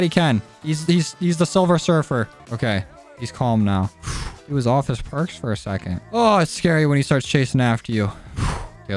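A young man giving casual, jokey gameplay commentary, cursing and getting excited as he plays. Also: medium pitch. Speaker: gaming YouTuber. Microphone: desk mic.

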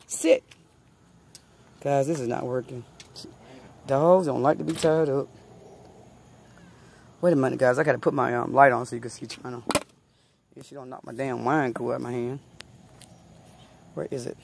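A woman, vlogging at home on her phone in loud, profane, laughing banter. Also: extremely low pitch, vocal fry, slight background noise. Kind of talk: casual home vlog. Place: home, indoors then outdoors at night.

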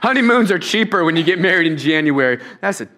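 A man preaching a sermon as pastor, telling the story with jokes and animated asides to the congregation. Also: high voice, fast. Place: church stage.

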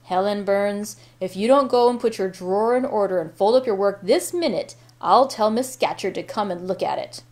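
A big, rough schoolgirl monitor barks orders at a classmate, as a woman reads her part. She sounds brisk and bossy, a storybook reading at a mid pitch. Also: darkish tone, natural voice. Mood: scolding. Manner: scolding, brisk.

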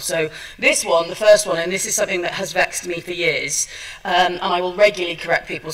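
A woman's voice: on the low side, fairly bright tone, far from the mic, rough recording. A woman giving a chatty, self-deprecating seminar talk, with many ums and restarts. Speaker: seminar speaker. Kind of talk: chatty presentation. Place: seminar room at a trade show.

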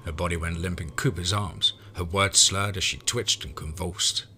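A man reading a first-person horror story in a measured, low-key way. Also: fairly even intonation, sharp tone, slight background noise.

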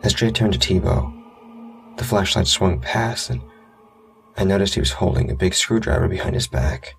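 A man with a deep, gravelly voice tells a first-person scary story in a blunt, profane, wry way. Music plays clearly underneath him throughout. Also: moderate pace. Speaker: narrator.

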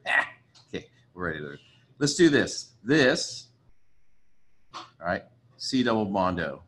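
A man with a fairly low voice gives a relaxed chemistry lecture. He thinks aloud as he works through problems and apologizes often. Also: unhurried. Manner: chatty, apologetic, thinks aloud while writing. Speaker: chemistry teacher. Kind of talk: casual recorded lecture.

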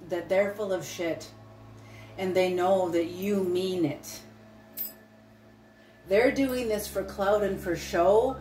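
A woman giving an intuitive tarot reading, earnest and emphatic, repeating her points. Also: on the low side. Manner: earnest, repetitive, emphatic, occasional swearing. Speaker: tarot reader. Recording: roomy, distant mic with soft music.

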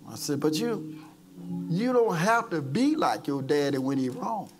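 A male pastor delivers a fervent sermon at a church service and pleads with listeners to come forward. His voice sits a bit high for a man, and he acts out the people in his stories. Soft music plays underneath. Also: big pitch swings, unhurried. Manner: impassioned preaching, retelling stories with acted quotes. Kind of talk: sermon with altar call.

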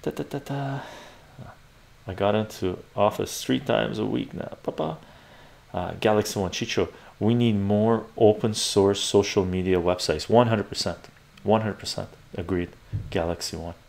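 Male streamer, low gravelly voice, sarcastic profane rants while reading chat. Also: normal speed, a little mellow. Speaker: livestream host reading viewer chat. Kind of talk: ranting livestream commentary.

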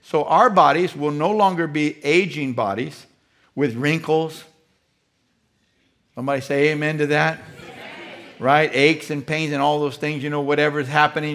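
A male pastor delivering a sermon with a fairly high voice. He leans hard on key phrases, says them again, and throws questions out to the congregation. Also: a bit bright.

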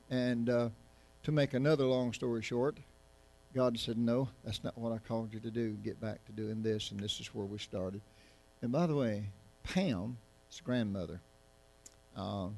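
A man's voice: medium pitch, creaky, dark tone. A middle-aged man preaches in a church sanctuary. His sermon is folksy and joking, and he rambles with many restarts. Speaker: pastor. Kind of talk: casual sermon to a congregation.

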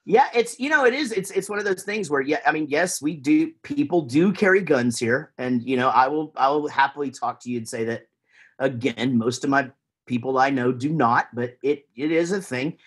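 A man's voice: mid-range voice, moderate pace, slightly rough. A man with a Texan accent, chatting casually as a podcast guest, rambling with lots of fillers and restarts. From Texas, USA.

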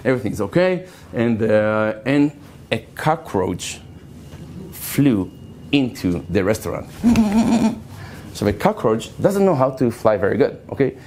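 Animated rabbi telling stories. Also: male voice, medium pitch, measured pace, slight background noise. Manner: animated, acts out voices, laughs often, shouts in stories. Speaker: rabbi giving a talk. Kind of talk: lively storytelling lecture.

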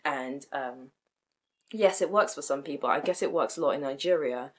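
A woman's voice: very deep voice, moderate pace, darkish tone, breathy edge, faint music behind. A woman, talking frankly to camera in a chatty, self-mocking way. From United Kingdom. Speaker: vlogger. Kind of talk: casual commentary to camera.

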